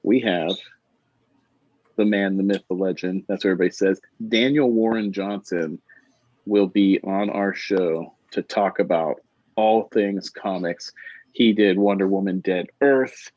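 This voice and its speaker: A man co-hosting a comics podcast, talking casually and excitably, with lots of fillers and easy laughs. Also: sits low, unhurried, no room sound. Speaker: podcast co-host. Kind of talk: casual chat. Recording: dull dry lo-fi sound.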